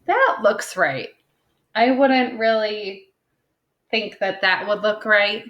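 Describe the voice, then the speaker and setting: Woman, primary school teacher, unhurried, patient, checks in constantly, recorded in an echoey room. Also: medium pitch, highs cut off. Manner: patient, checks in with "okay?" after most points; sounds words out slowly, tapping syllables. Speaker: second grade teacher. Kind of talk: recorded phonics lesson for young children. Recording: roomy echo.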